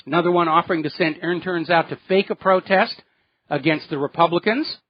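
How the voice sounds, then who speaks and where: Male talk radio host, fairly high voice, sarcastic and indignant, dry and slightly dull broadcast sound. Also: a little fast, no echo. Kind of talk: political talk radio commentary.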